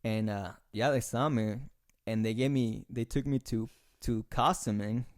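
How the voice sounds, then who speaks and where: A man's voice: lowish voice, a little slow, a little mellow, dry recording, clean studio sound. A young adult man hosting a podcast, telling rambling stories in casual chat and teasing his co-host. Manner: rambling storyteller, teasing, frequent restarts.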